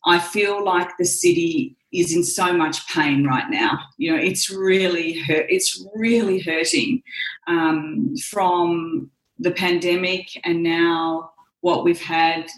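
Candid Australian woman in a roomy echo. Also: fairly low pitch. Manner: candid, rambling, self-mocking, many fillers. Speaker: guest. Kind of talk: casual emotional interview chat.

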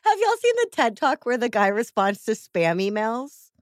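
Lively animated woman podcast host. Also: on the high side, moderate pace, no echo, clean studio sound. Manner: animated storyteller who acts out quoted messages. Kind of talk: casual chat.

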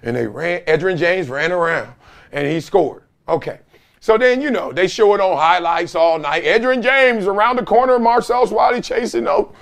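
A man with a high-pitched voice hosts a sports talk show. He tells stories in a loose, slangy way and keeps the commentary animated. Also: moderate pace, creaky. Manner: animated, slangy storytelling with laughs.

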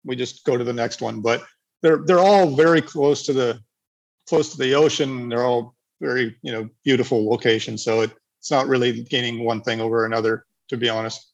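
Gravelly Canadian man, rambling answers. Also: medium pitch, brisk, muffled recording. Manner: rambling, with frequent restarts. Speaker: eco village developer. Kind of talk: casual webinar Q&A.

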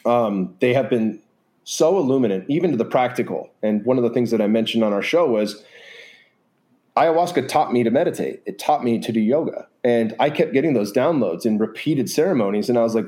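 A man's voice: medium pitch, expressive, brisk, dark tone. A man talking in a casual, earnest way as a podcast guest, rambling with many fillers. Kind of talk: casual reflective conversation.

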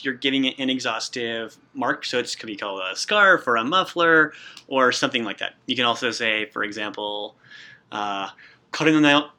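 Bright energetic man hosting a language podcast. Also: medium pitch. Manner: energetic, explains step by step. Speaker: podcast host and Japanese teacher. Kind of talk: upbeat language lesson podcast.

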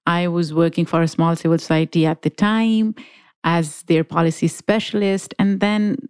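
Woman guest from pakistan, earnest, talks steady, low-ish pitch. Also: moderate pace, clean tone, dry recording. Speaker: podcast guest, activist. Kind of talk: interview answers.

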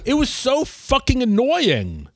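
A man's voice: very high-pitched, huge pitch swings, slow pace, dry recording. A middle-aged man, chatting casually and acting out the people in his stories. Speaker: podcast guest. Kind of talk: casual storytelling chat.

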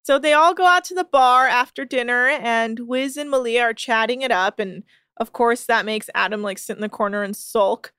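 A woman's voice: a little high, sharp tone, smooth, dry recording. A woman co-hosting a podcast, recapping a reality show in casual, sarcastic, swearing chat. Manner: sarcastic, quick, swears freely. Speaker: podcast co-host.

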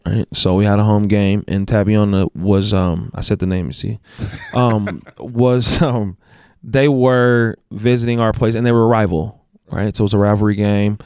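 A man's voice: on the low side, steady tone, normal speed, few pauses, a little mellow, clear, resonant tone, no echo, clean studio sound. A man who coaches basketball, telling a story in casual chat, rambling with restarts and self-corrections. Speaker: guest, basketball coach and athletic director.

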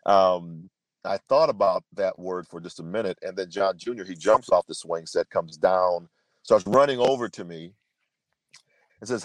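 Deep-voiced man telling his story earnestly. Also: normal speed, dry recording. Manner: earnest, emphatic storyteller with frequent restarts. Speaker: podcast guest, speaker. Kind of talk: storytelling interview answer.

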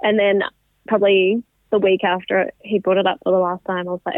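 Speaking as a guest in a relaxed interview, a twenty-something woman chats through her story with plenty of "like" and "um." She has a mid-range voice, a level tone and a brisk pace, heard dry over a tinny phone connection.

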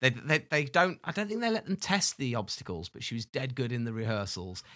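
Bright-voiced chatty podcast co-host man. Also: mid-range voice, animated, fairly quick. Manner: chatty, laughing, storytelling. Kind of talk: casual chat.

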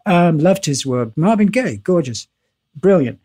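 An older man, a guest in a casual interview, telling animated anecdotes with laughs and swearing. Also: on the high side, unhurried, husky.

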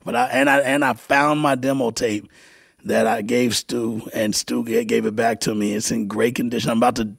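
A middle-aged man, a music producer guest, telling stories in a casual interview, halting and repeating words as he acts out quoted dialogue. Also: mid-range voice, steady tone, creaky, breathy edge, dry recording, studio quality.

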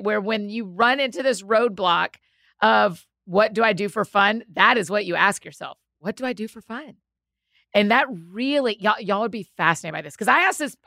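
A woman's voice: medium pitch, creaky, sharp tone, dry recording, studio quality. A woman, a guest author talking enthusiastically and explaining ideas in a casual podcast chat.

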